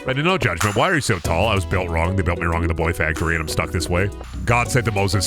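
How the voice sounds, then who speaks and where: A male streamer with a lively voice that leaps up and down in pitch, swearing his way through rambling, mock-dramatic rants. Game music plays clearly behind him as he talks to his chat. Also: fast. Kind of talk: casual gameplay commentary.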